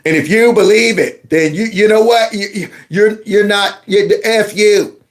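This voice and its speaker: A man with a fairly high voice hosts a commentary show and talks back to news clips. He is sarcastic and mocking, firing off rhetorical questions in loose, colloquial speech. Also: moderate pace. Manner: casual colloquial speech with y'all. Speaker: political commentary host.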